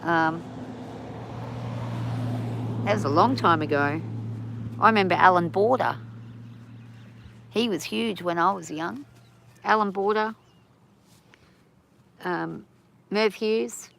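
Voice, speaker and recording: A middle-aged Australian woman talks casually to her viewers in a rambling, easygoing way, laughing as she goes. Her voice sits low with a gravelly edge. She sounds slightly stuffy from hay fever. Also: slow, long pauses, fairly bright tone. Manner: rambling, chatty, laughs easily. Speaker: farm owner and livestreamer. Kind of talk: casual livestream chat.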